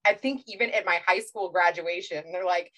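A woman from Kentucky hosts a casual podcast, her voice sitting a little low. She asks curious, friendly questions and keeps the chat easy. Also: normal speed, a bit bright, rough recording. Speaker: podcast host.

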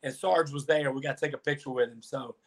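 A man's voice: mid-range voice, fast. A man guesting on a podcast who tells long stories from his past and acts out what others said along the way. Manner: animated storyteller, acts out quoted dialogue. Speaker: podcast guest, former pro wrestler. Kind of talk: storytelling interview answers.

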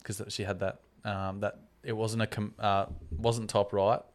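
A man's voice: fairly low pitch, level tone, moderate pace. A man, co-hosting a casual podcast chat with laid-back, dry quips. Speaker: podcast co-host.

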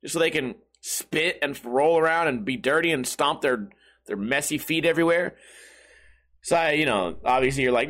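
A man hosting his own podcast, hoarse and with a failing voice, grumbling and cursing his way through a casual rant. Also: fairly high pitch, expressive, normal speed, fairly bright tone. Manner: profane, grumbling, self-deprecating. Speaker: podcast host.

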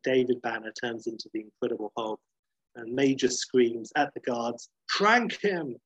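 A man tells a story in a husky, dry voice, casual and animated. He acts out the action with gusto and leaves in plenty of fillers. His voice sits at an ordinary pitch. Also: moderate pace, no echo, lo-fi sound. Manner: lively, acts out scenes, fillers.

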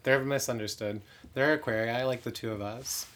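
A man's voice: medium pitch, steady tone, normal speed, fairly bright tone. A man who performs in drag, chatting candidly in an interview with many "like" fillers and self-mocking asides. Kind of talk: casual interview chat.

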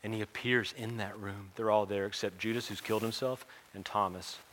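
A man's voice: on the low side, steady tone, a little fast, fairly bright tone. A man preaching in a casual storytelling way, with humorous asides. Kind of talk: sermon storytelling.

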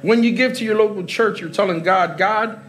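A middle-aged male pastor preaching a live sermon in a large church hall, with a fairly high voice. He talks to the congregation in a loose, joking way and laughs along with them. Faint music plays beneath his words. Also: fairly quick.

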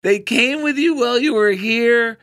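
A man with a notably high voice hosts a spiritual talk show in relaxed, chatty conversation. He tells stories with animated energy and breaks into loud cartoonish impressions. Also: normal speed. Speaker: radio show host.

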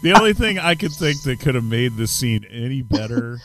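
A man's voice: medium pitch, big pitch swings, fairly quick, a bit bright. A man co-hosting a casual chat, recapping scenes with wry jokes and frequent restarts. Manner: wry, joking, restarts often. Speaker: podcast co-host.

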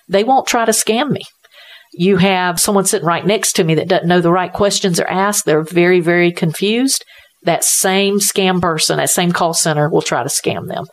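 A woman with a fairly low voice speaks at a moderate pace in a conversational interview. She runs a tech support business for seniors and talks earnestly, repeating her points for emphasis.

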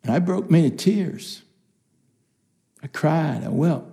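An older man preaching a personal testimony, telling stories with lively quoted voices. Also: fairly high pitch, takes it slowly, creaky. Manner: animated storytelling, acts out quoted voices. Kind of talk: testimony sermon.

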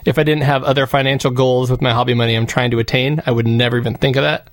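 A man's voice: medium pitch, fairly even intonation, quick pace. A man co-hosting a casual podcast about retro games, laughing often and reading out lists of titles. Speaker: podcast co-host. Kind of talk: casual chat.

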